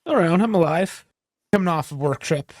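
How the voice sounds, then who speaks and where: A man co-hosting a casual sports podcast, laid-back and measured, laughing easily. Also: fairly high pitch, animated, no echo, studio quality. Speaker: podcast co-host.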